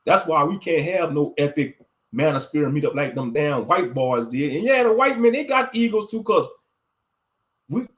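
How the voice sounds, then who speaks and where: A man in his thirties holds forth on a casual livestream, his voice sitting noticeably high for a man. He rants bluntly and profanely, rambling from point to point and calling his viewers family. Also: animated, normal speed, a bit bright. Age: 30s. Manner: addresses viewers directly as family. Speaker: livestream commentator.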